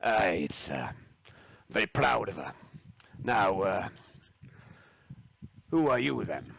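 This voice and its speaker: A man's voice: fairly low pitch, very animated, slow, vocal fry, fairly bright tone, full character voice. A man voicing a proud, bearded male squat ship captain in a put-on Scottish accent.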